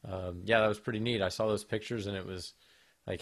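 A man's voice: on the low side, flat delivery, brisk. A man co-hosting a casual tech podcast, easygoing and a little hesitant. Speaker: podcast co-host.

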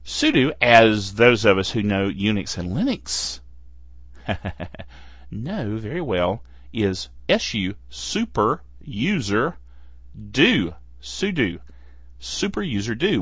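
A playful male podcast host chats about tech with a voice that leaps up and down in pitch. He laughs between phrases. The recording is dull, lo-fi and dry. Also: very animated, takes it slowly, a bit bright, slightly rough, no echo. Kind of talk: casual tech podcast talk.

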